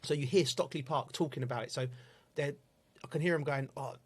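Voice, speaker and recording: A man, a football pundit telling stories in casual chat, animated and laughing often. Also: medium pitch, brisk, slightly rough. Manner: laughing, animated storytelling with slang.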